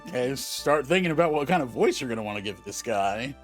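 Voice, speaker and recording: A man's voice: medium pitch, lively intonation, fast talker, faint music behind. A man hosting a let's play, chatting casually and teasing his co-player with laughter. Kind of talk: casual chat while playing.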